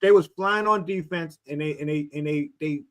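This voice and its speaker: Sports podcast guy, slightly high voice, calm, says the same phrase again and again to make a point. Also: a loud crowd. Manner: measured, repeats key phrases for emphasis. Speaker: podcast co-host. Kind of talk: casual sports talk.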